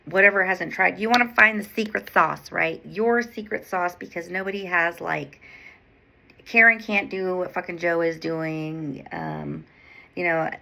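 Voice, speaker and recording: A woman's voice: fairly low pitch, vocal fry, bright, forceful tone, poor audio. A woman podcast host and nurse coach talking in a candid, rambling monologue, swearing freely. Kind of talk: casual monologue.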